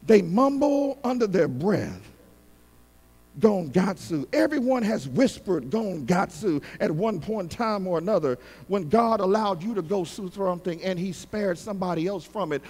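A male pastor preaching a sermon with great passion, swinging from shouts to hushed tones and calling on the congregation to respond. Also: high-pitched, animated, a little slow, long reverb tail, faint music behind. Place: church sanctuary.

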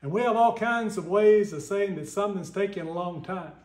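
A Southern American man preaching a Sunday sermon in a high, light voice. He talks in an earnest, folksy way and reads scripture aloud. His voice rings around a reverberant church room. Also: fairly quick, a little mellow.

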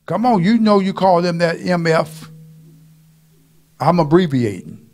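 High, gravelly-voiced preaching man. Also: lively intonation, a little slow, faint music behind. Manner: preaching with call-and-response, swinging from low asides to shouts; folksy, joking, drawls asides to the walls. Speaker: pastor. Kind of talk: sermon.

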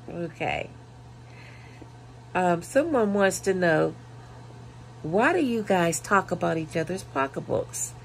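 A woman vlogger casually reading viewer comments aloud, laughing and mocking, punching the quoted lines loudly. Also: on the low side, gravelly, slight background noise. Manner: laughing, mocking, reads comments with loud emphasis.

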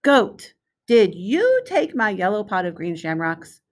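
A woman voicing an eager, earnest young male rabbit in a storybook reading, talking in a bright, pleading way. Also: medium pitch, very animated, a little slow. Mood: distressed.

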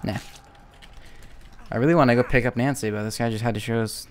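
A young man giving chatty, casual commentary while playing a video game, talking to himself and sometimes breaking into excited yells. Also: mid-range voice, brisk. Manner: chatty, self-talking, bursts into excited yelling. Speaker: gaming YouTuber.

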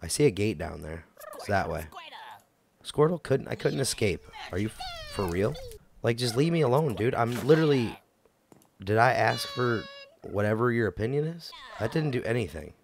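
A man's voice: medium pitch, wildly swooping pitch, normal speed, vocal fry, pauses often, a little hiss or hum. A man giving casual let's-play commentary, goofy and chatting to the game characters as he plays. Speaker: gameplay commentator.

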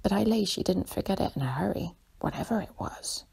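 A woman voicing a kindly old male railway porter in a soft whispered role-play for a bedtime story. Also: medium pitch, lively intonation, brisk, exaggerated voice. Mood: chatty. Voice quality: husky, creaky whisper.

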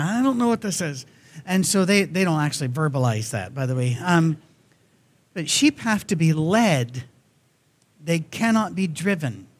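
A man preaching a sermon in a church, telling stories in a conversational manner. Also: on the high side. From Scotland. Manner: conversational, storytelling.

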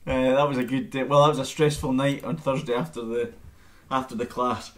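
A man giving a relaxed, chatty live-streamed bagpipe lesson from home into his camera mic. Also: mid-range voice, fairly quick, soft background music. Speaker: bagpipe teacher.

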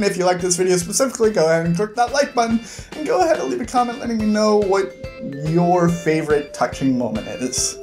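A man's voice: sits high, a little fast, soft background music. A young man recapping a novel in a casual, emotional way, laughing often and acting out the characters. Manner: animated, emotional, laughs often, acts out quotes. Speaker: book vlogger.

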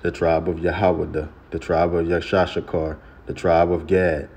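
A man teaching scripture in a casual way, often saying "man" and "you know" and chanting sacred names slowly. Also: low voice, level tone, a little mellow, breathy edge. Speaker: religious teacher.

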